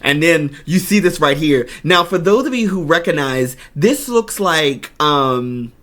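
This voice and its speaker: A man giving an excited, gushing reaction commentary on a game trailer as a YouTuber. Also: on the high side, unhurried, slight background noise. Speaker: gaming YouTuber.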